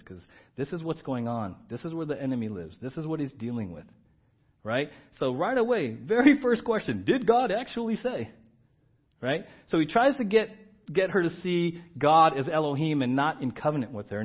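A male pastor preaching a sermon, moving between loud emphatic repeats and hushed asides. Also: mid-range voice, expressive, brisk. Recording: dull lo-fi church recording.

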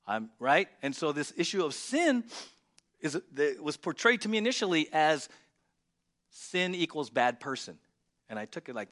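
A man's voice: lively intonation, moderate pace, a bit bright. Conversational man preaching a sermon. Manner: conversational, emphatic, often drops to a low murmur. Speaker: pastor.

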